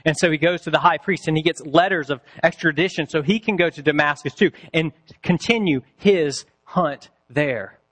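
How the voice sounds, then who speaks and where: Man preaching with deliberate pauses. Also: on the high side, a bit bright. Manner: deliberate, with dramatic pauses and slowed phrases. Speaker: pastor. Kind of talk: sermon with personal storytelling.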